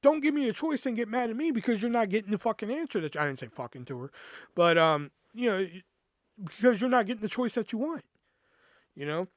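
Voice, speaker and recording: Profane, animated young man telling a story. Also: sits high, fast talker, dry recording. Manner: profane, animated retelling with quoted dialogue. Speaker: podcast host. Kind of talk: casual storytelling monologue.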